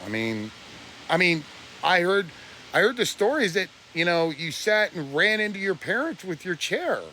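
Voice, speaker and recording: A man's voice: high-pitched, big pitch swings, normal speed, bright, forceful tone, a little hiss or hum. Blunt, preachy man ranting on a live stream. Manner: preachy and blunt, voice breaking with emotion. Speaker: livestreamer. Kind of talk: emotional live-stream rant.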